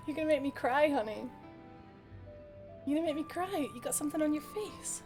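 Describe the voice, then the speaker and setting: A chatty woman with a high, light voice, streaming a game live. She talks casually to her viewers, laughs easily, and coos affectionately at her dog between moments of play. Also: huge pitch swings, slow, pauses often, music in the background.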